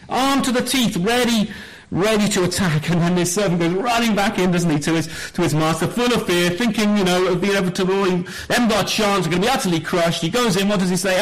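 A man preaching a sermon in a church, telling a Bible story with lively questions to the congregation. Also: high-pitched, low-quality recording.

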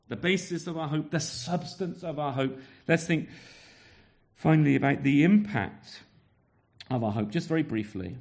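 A man's voice: a little high, lively intonation, normal speed, a little mellow. A man preaching a sermon, asking the congregation rhetorical questions and often repeating his words.

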